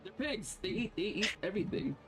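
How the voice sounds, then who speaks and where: A man narrating a tabletop game as game master, animated and laughing often, with lots of "like" and "uh". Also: high-pitched, a little fast, loud music behind the voice.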